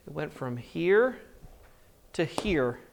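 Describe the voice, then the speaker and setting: Animated male preacher, slightly high voice. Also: slow, vocal fry. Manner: animated, emphatic repetition. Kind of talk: sermon with personal story.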